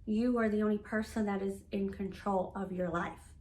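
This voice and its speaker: Woman, thirties, vlogger, candid storytelling, animated quoted dialogue, medium pitch. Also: normal speed, slight background noise. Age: 30s. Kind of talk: personal storytelling to camera.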